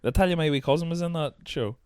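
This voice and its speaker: A man's voice: fairly high pitch, racing, a little mellow, clean tone, no echo. A young man hosting a podcast in casual chat, rambling and swearing freely. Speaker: podcast host.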